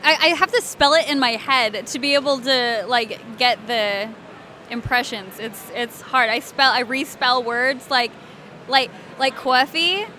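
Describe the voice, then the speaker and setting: A woman's voice: on the high side, a little slow, pushed and bright, slight background noise. A woman from Alabama, chatting in an interview as a voice actress, bubbly and often giggling. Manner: bubbly and giggly, many fillers. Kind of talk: casual interview chat.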